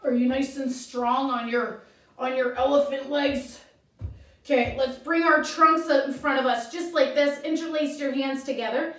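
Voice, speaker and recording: In a yoga studio, a woman teaches children's yoga through a story, guiding them in an encouraging, sing-song way. Her voice is high-pitched, steady, fairly bright and at normal speed, heard from far off in an echoey room.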